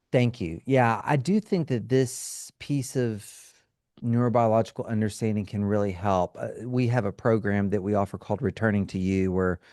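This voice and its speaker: A man's voice: lowish voice, vocal fry, darkish tone, dry recording. Man explaining like a teacher, dry sound. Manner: teacherly, often checks in with "right?" and "okay?". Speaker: counselor and trauma specialist guest. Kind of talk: explanatory interview talk.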